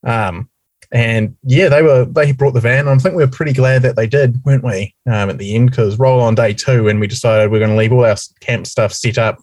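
A man's voice: mid-range voice, brisk, no room sound. A young man with a New Zealand accent co-hosting a casual podcast, telling stories in a chatty, cheeky way. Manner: chatty, cheeky, lively storytelling. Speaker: podcast co-host. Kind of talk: casual chat.

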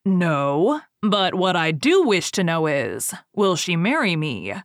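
A woman reading the lines of a proud High King in a storybook tale, measured and deliberate. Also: big pitch swings, no room sound, clean studio sound. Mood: eager. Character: proud middle-aged male High King, calm and wise.

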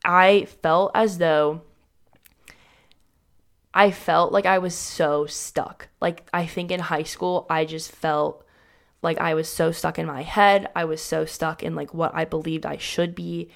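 A young adult woman tells her story candidly as a guest. Her voice sits low and has a gravelly fry. She talks in a loose, casual way, full of "like" and restarted sentences. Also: steady tone, takes it slowly. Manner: casual, heavy use of "like", frequent restarts.

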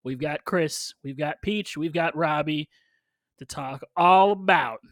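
A man's voice: fairly high pitch, measured pace, fairly bright tone, no room sound, clean studio sound. A young man hosting a casual podcast chat, upbeat and loose, with plenty of fillers. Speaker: podcast host.

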